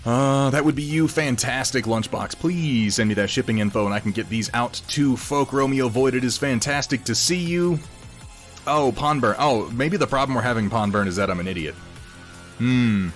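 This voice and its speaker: A man's voice: mid-range voice, normal speed. A man streaming live while painting, chatting casually, rambling and poking fun at himself as he greets viewers. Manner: rambling, self-mocking, reads out chat names. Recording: faint music behind. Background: faint music.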